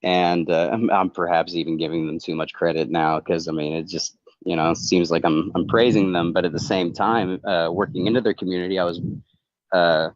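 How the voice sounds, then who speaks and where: A man with a very deep voice talks on a livestream call, earnest and confessional, stopping and restarting his sentences as he rambles on. The sound is dull and lo-fi, and dry. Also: steady tone, no echo. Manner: halting and rambling, many restarts. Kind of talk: casual chat on a livestream call.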